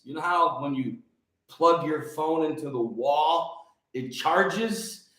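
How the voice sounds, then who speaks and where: A man's voice: on the high side, slow pace. Fired-up preachy man in his forties. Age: 40s. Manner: excitable, preachy, greets viewers by name, repeats phrases. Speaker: livestream host. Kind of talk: energetic livestream talk. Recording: very echoey room.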